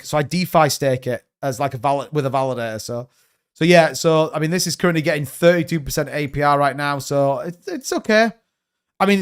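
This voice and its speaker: Male streamer, slightly high, smooth clear voice, loose and rambling, answers chat questions on the fly. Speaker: crypto livestream host. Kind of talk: casual livestream chat.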